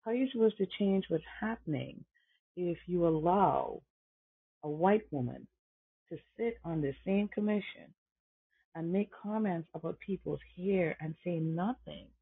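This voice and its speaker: Host, male, gravelly and husky, emphatic commentary, tinny phone-line sound. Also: high-pitched, unhurried. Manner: emphatic, repeats phrases, rhetorical questions. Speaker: podcast host. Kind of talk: impassioned commentary.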